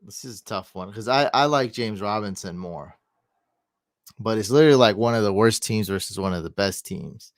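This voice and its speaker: A man's voice: fairly low pitch, moderate pace, no room sound, studio quality. A man giving casual fantasy football advice on a live stream, thinking aloud and answering questions from the chat.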